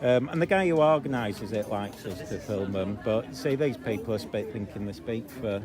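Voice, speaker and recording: A man's voice: on the low side, moderate pace, crowd noise. Blunt, mocking man filming on the street. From Zambia. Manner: blunt, mocking, rambling with many ums. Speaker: street filmer. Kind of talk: confrontational street argument. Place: outdoors on a city street.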